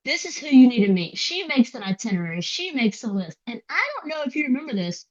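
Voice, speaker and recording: A woman guest on a podcast, chatting and telling stories in a casual, quick way with soft asides. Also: a little high, sing-song, highs cut off. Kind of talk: casual interview chat.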